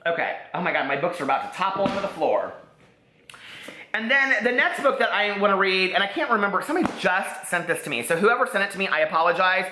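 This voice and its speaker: A man's voice: high voice, lively intonation, fast talker, noisy background. A man rambling chattily to his viewers, talking about books to the camera. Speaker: book vlogger. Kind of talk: chatty book talk to camera. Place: room at home among stacked books. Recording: roomy echo.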